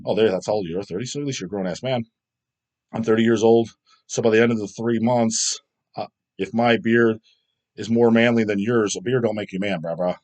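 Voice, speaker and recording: Fast-talking profane man in his thirties. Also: lowish voice, fairly even intonation, darkish tone. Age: 30s. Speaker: channel host reading comments. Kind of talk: casual profane vlog rant.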